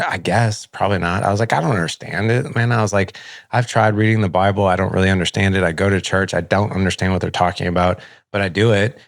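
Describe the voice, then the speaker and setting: A man's voice: sits low, creaky, no room sound, studio quality. A middle-aged man, a podcast host, candidly telling a personal story in a casual, conversational way, full of "like" and acted-out dialogue. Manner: heavy use of filler "like", acts out dialogue.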